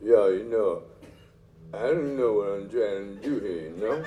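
A man doing a live stage impression of a gruff, crude tough-guy movie star who brags and laughs through his lines. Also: fairly low pitch, expressive, a little slow, mellow, muffled recording, soft background music. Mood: mumbling, boastful. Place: live comedy club stage.

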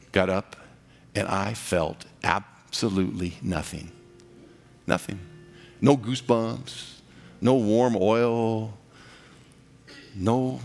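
A man preaching a sermon, swinging from big rising passages to near-whispers. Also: vocal fry. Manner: dynamic preaching, swelling loud and high then dropping to a hush. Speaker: pastor. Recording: reverberant hall.

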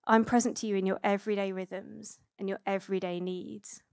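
Preaching in a relaxed, chatty style, a woman in her thirties peppers her conversational sermon with fillers and restarts. Her gravelly voice is at an everyday middle pitch and runs a little fast. The sound is close and dry, with no echo.

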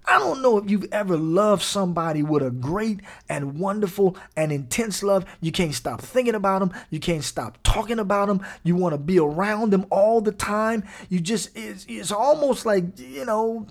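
Emphatic man preaching a podcast sermon. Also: high-pitched. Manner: emphatic, repeats phrases, chuckles often. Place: seated indoors.

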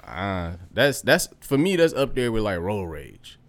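A man swapping stories in a loose, profane chat. He laughs often, and his voice drops low and quiet whenever he slips in an aside. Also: sing-song, a little slow. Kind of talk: casual storytelling chat.

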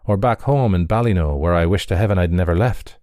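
Brief: earnest young emigrant, plain warm-hearted delivery, read by a man. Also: low-pitched, quick pace, no room sound, studio quality, natural voice. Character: good-humoured young male Irish emigrant, homesick.

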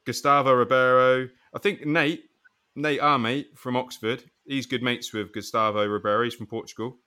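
A man's voice: medium pitch, fairly even intonation, moderate pace, pushed and bright, clean tone. Swearing man hosting a podcast. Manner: banter with swearing. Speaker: podcast host. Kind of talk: casual chat.

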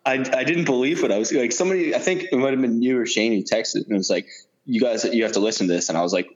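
A man co-hosting a casual sports podcast, relaxed and talkative, laughing often between many fillers. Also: mid-range voice, fast. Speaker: podcast co-host. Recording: dull lo-fi sound.

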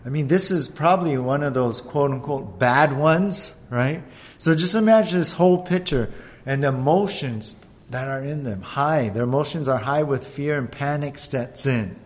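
A man preaching a sermon, telling the story with energy and acting out the disciples' frantic shouts. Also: mid-range voice, normal speed. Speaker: pastor.

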